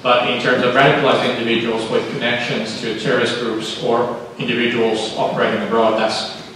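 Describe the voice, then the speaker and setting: A man answering on a discussion panel in a measured, analytical way. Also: medium pitch, flat delivery. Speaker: panelist, researcher. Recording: distant mic in echoey hall, noisy.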